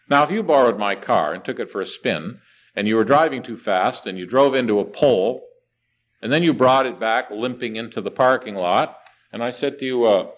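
Male preacher, sermon delivery, animated pitch, rhetorical questions. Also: poor audio. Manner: rhetorical questions, slows down to stress words.

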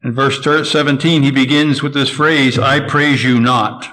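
A man preaching an expository sermon, measured and emphatic, slowing down to stress key phrases. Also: medium pitch, steady tone, sharp tone, poor audio.

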